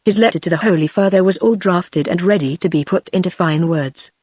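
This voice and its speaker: A text-to-speech woman's voice with a British accent, reading a historical novel in an even, steady delivery. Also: on the low side, a little fast, no echo. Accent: British English. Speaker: audiobook narrator. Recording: dry synthetic voice.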